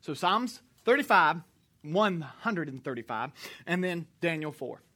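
Animated joking man preaching. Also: fairly high pitch, a little slow. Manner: animated and joking, at times shouting. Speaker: pastor. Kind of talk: sermon. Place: church before a congregation.

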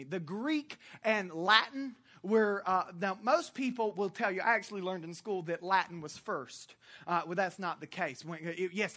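Pastor, sermon delivery: bright and forceful, animated and jokey, shouts key points, lots of fillers. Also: mid-range voice. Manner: frequent "uh" fillers and self-corrections.

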